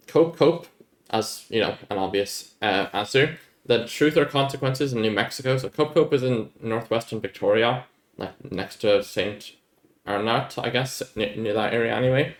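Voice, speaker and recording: Young man, rambling Q&A chat, slightly low voice, roomy echo. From Ireland. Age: young adult. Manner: rambling, laid-back, easily amused. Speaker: YouTuber answering viewer questions. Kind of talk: casual Q&A chat. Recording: echoey room.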